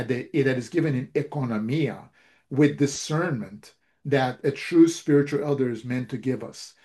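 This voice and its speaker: A man's voice: on the high side, dark tone. A man preaching a sermon, retelling a story and acting out its dialogue, with frequent restarts.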